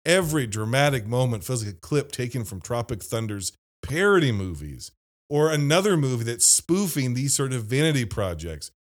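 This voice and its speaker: A man's voice: medium pitch, big pitch swings, moderate pace. A man from Ohio hosting a casual movie-review podcast, laughing often and mimicking lines from films. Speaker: podcast host.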